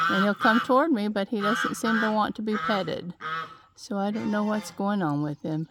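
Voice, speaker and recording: A woman vlogging around her farm's poultry pens outdoors, chatting casually and cooing softly at her birds. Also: medium pitch, lively intonation, moderate pace, heavy background noise. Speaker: farm vlogger. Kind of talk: casual farm vlog chat. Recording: loud clucking and honking fowl.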